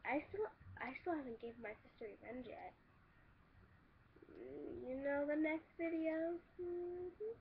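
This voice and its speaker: High-voiced woman rambling to camera. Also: unhurried, creaky, phone-quality sound, a little hiss or hum. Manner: rambling, swears, lots of restarts. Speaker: vlogger. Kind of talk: casual chat answering viewer questions.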